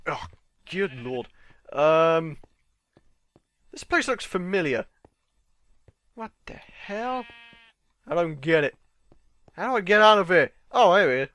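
A British man giving excitable let's-play commentary, yelling and pleading at game mobs and bantering with the creatures. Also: fairly high pitch, a little slow, long pauses, no room sound. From Britain. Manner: jokey running chatter with game creatures. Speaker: gaming channel host.

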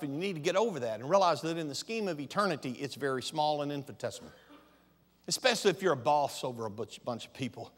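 High-voiced preaching pastor, church reverb. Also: male voice. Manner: swings from soft conversational asides to loud emphatic preaching. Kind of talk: sermon. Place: large church sanctuary.

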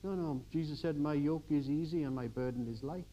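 An older man giving a church sermon, telling everyday stories and swinging from quiet asides to emphatic exhortation. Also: fairly high pitch, fairly quick, lo-fi sound, a little hiss or hum. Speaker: preacher.

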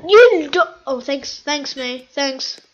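A woman giving excitable, chatty commentary over her own gameplay video, repeating phrases over and over. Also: high voice, slow pace, muffled recording. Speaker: gaming video host.

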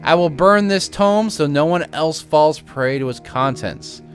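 A man's voice: fairly high pitch, animated, measured pace, faint music behind. A man reading aloud the lines of a remorseful male elf mage from a video game's quest text, in his own everyday voice. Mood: regretful.

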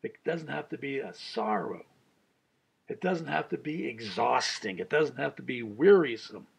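A man's voice: medium pitch, lively intonation, measured pace, gravelly, husky. A man in his sixties, a pastor, giving an earnest Bible study sermon with a personal story, chuckling as he tells it.

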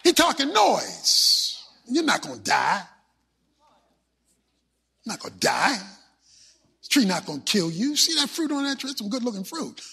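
Slick sweet-talking devil put on by a preacher, husky, slow, sliding low and hushed. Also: male voice, huge pitch swings, heavily acted. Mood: sly coaxing. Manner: coaxing, mocking, dismissive. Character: slick smooth-talking male devil tempter. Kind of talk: sermon.

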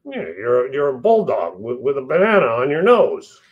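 A man's voice: medium pitch, huge pitch swings, normal speed, lo-fi sound. A man voicing a cheeky city pigeon that taunts a dog in a picture-book read-aloud. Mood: mocking. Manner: mocking, loud.

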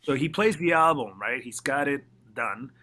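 A man in a casual interview, a mix engineer telling stories with lively energy. He swears freely and slips into quoted voices. His tone is bright and forward, at an ordinary pitch. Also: normal speed.

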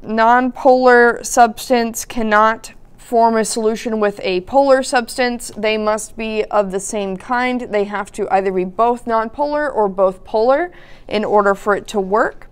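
A woman teaching a recorded high school chemistry lesson, explaining patiently with occasional fillers. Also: a little slow, clear, resonant tone. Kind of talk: recorded lecture narration.

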